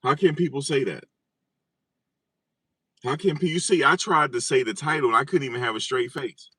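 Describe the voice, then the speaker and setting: A man's voice: medium pitch, moderate pace, fairly bright tone, husky, no room sound. A man talking in a casual commentary vlog as an online commentator, incredulous and repeating his own phrases.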